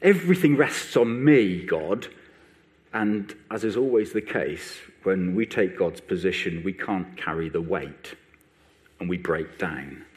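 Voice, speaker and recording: A man's voice: sits low, measured pace. A male preacher delivering a sermon, voicing biblical figures with rising intensity. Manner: animated, rising sharply when voicing biblical speakers.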